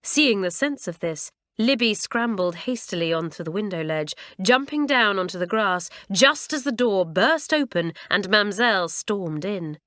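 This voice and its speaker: A woman narrating a children's audiobook in a measured storytelling manner. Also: medium pitch, lively intonation, fairly bright tone, no echo, studio quality. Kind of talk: scripted narration.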